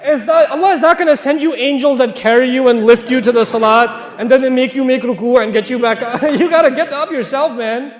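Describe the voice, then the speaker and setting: High-voiced man preaching in an echoey hall. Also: fairly quick, few pauses. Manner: emphatic, repeats key phrases, joking asides. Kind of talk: lively sermon to a live congregation. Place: large hall with a congregation. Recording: echoey hall with long reverb.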